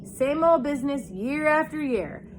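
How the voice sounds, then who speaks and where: A woman's voice: high voice, animated, unhurried, a little hiss or hum, voice pushed up. A woman putting on a blunt old ewe. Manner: blunt, matter-of-fact gossiping. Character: old female sheep, blunt and snappish.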